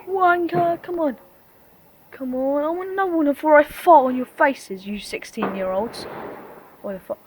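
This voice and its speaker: A woman's voice: high-pitched, normal speed, a little hiss or hum. A woman filming a casual vlog, talking in a rowdy, crude way and swearing and laughing freely as she cheers on fireworks. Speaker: vlogger. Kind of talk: excited casual commentary while watching fireworks.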